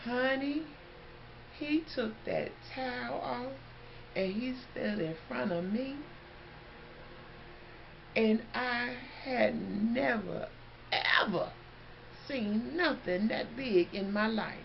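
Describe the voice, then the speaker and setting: A woman telling a story in a casual, animated way, talking straight to her viewers. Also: on the high side, slow, vocal fry, pauses often. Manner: animated, chatty, addresses listeners as y'all. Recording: dull lo-fi, faint background noise.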